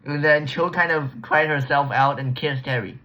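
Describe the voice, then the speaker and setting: A man's voice: on the high side, fairly even intonation, normal speed, sharp tone. A man casually recapping a book he read, using slang, restarting sentences and trailing off. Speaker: book reviewer. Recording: dull lo-fi recording.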